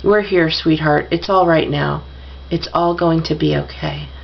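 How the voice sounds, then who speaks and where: A tired father cracks teasing jokes in a storybook reading, as a woman puts him on. The voice is low and gravelly over a dull, lo-fi recording. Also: fairly even intonation, unhurried, a little hiss or hum. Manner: teasing, jokey. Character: joking, tired father teasing his daughter.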